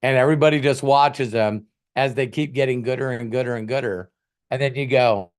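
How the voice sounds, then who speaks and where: A man's voice: medium pitch, steady tone, a little fast. A man hosting a casual motivational talk, rambling conversationally and acting out little scenes. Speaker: host, motivational coach.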